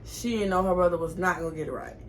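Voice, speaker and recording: A woman in her twenties telling a casual storytime to camera, chatty and animated, swearing freely. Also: lowish voice, fast, slight background noise. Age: 20s. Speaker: vlogger.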